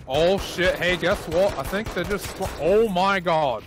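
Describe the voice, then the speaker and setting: A man's voice: high voice, a little slow, noisy background. A man bantering crudely while gaming in a put-on Scottish accent, sounding tired. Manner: crude, joking, drowsy drawl. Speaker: gamer. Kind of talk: casual gaming chat.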